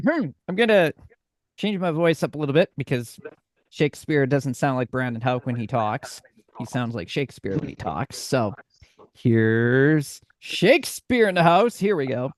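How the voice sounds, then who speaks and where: A man's voice: mid-range voice, no echo, rough recording. A man hosting a casual online game show, talking in an upbeat, rambling way. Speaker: game host.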